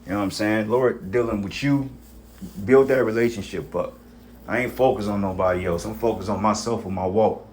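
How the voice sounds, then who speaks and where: Low-pitched guy preaching loose and informal to the brothers, cussing, lots of "you know what i'm saying". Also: brisk, darkish tone, slight background noise. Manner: casual street talk with profanity, repeats "you know what I'm saying". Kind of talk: informal sermon exhortation.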